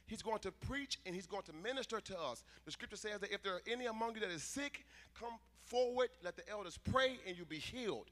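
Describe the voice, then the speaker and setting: A man preaching a sermon in church, emphatic and conversational, swinging between loud declarations and quieter asides. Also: high voice, expressive, brisk, few pauses. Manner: emphatic preaching, rising to shouts, dropping to asides. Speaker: pastor. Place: church sanctuary.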